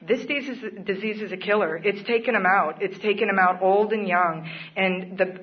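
This woman's medium-pitched voice moves at a moderate pace as she gives testimony at a support meeting. Her account of her own life is earnest, plain and broken by occasional laughs, and the lo-fi audio sounds dull.

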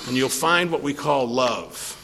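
An older man speaking at a recovery meeting, telling a rambling, animated story and acting out the conversations in it. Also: mid-range voice, measured pace, vocal fry, slight background noise. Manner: rambling, animated storyteller who acts out dialogue. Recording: long hall reverb.

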